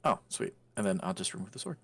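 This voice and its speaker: Lively, hesitant man playing a tabletop game. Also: lowish voice, quick pace, creaky, a little hiss or hum. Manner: hesitant, swears casually. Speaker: player. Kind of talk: casual game chat.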